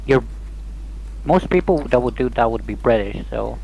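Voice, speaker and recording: A man playing a tabletop game, chatting in a relaxed, joking way. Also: medium pitch, normal speed, gravelly, rough recording. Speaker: player. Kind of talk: casual chat.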